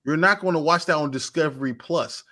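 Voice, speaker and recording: A man's voice: a little high, brisk, bright, forceful tone. A man co-hosting a casual live chat show, rambling, with frequent laughs and repeated starts. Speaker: co-host.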